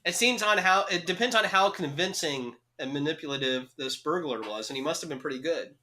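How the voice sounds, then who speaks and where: Podcast cohost cracking up a lot, acting out bits, bright tense voice. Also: mid-range voice, animated. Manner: laughs often, acts out scenes in quick voices. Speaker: podcast co-host. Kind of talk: casual chat.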